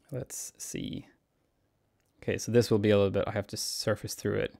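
A young man, a cellist answering viewer questions in a relaxed, musing Q&A vlog, chuckling often. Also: lowish voice, moderate pace, gravelly. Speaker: cellist and YouTuber. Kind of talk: casual Q&A vlog.

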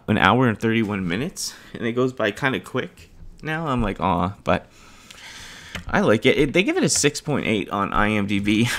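A man's voice: lowish voice, creaky, a bit bright. A man hosting his own podcast, casually retelling and reviewing an old film, with many fillers, frequent laughs and a rambling flow. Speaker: podcast host. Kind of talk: casual movie review chat.

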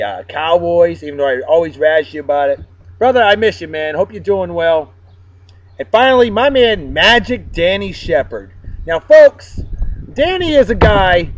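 A man hosts a casual vlog, upbeat and joking as he gives shout-outs to friends. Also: sits high, no room sound. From Massachusetts. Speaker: vlog host. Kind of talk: casual chat. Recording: dull, dry sound.

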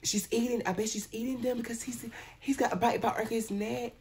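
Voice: medium pitch, fairly even intonation, brisk, a little mellow. A reaction video host in casual commentary, exclaiming and talking back at the screen.

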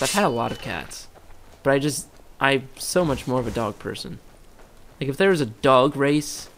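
Excitable joking man narrating his gameplay. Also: mid-range voice. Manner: excitable, jokey, swears, yelps at monsters. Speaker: gaming commentator. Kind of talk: casual let's-play commentary.

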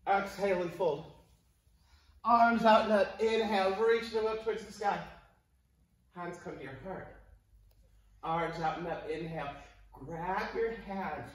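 Man coaching kids' yoga in an echoey room. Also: high voice. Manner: encouraging, playful cueing. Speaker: kids yoga instructor. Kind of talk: guided yoga class for children. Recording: echoey room, mic at a distance.

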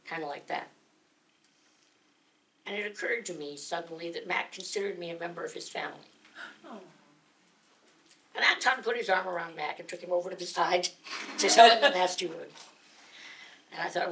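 A woman telling a humorous story live at a gathering, dramatic and lively, laughing along as she goes. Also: lowish voice, moderate pace, pauses often, a little hiss or hum. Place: gathering of singers, indoors.

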